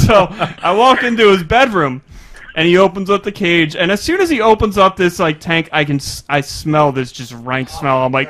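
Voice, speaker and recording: A man's voice: high voice, animated, normal speed, fairly bright tone. A man co-host telling a story. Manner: laughs through his story. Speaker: podcast co-host. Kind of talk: casual storytelling.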